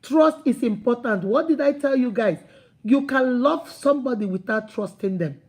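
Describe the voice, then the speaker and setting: A woman's voice: on the high side, expressive, moderate pace, darkish tone. A woman with a Nigerian accent hosting a live advice stream, outspoken, scolding and humorous. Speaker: host.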